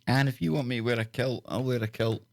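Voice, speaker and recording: A Scottish radio talk show host, fast and creaky-voiced at a middle pitch, banters playfully on his call-in show while greeting listeners one after another. The sound is dry and close-miked, with no room sound at all.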